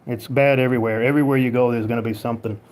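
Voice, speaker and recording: An American man talks through a livestream in a loose, rambling way. He answers chat comments with sarcasm and the odd curse, and his voice sits at an ordinary, middle pitch. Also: fairly even intonation, rapid-fire, darkish tone. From United States. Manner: rambling, sarcastic, swears and laughs often. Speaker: livestream host reading chat.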